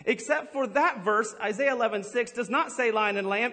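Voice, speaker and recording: Male pastor, high voice, jokey and teasing, live sermon in a reverberant hall. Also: bright, forceful tone. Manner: playful, teasing the congregation with jokes and quick asides. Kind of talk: humorous sermon. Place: large church hall with a live congregation.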